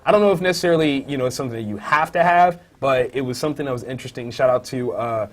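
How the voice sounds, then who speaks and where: A man with a middle-pitched voice chats casually as co-host of a comic book review podcast. He thinks aloud with many fillers and hesitations. When something excites or disgusts him, he breaks into loud, high-pitched outbursts. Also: racing. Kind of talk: casual chat.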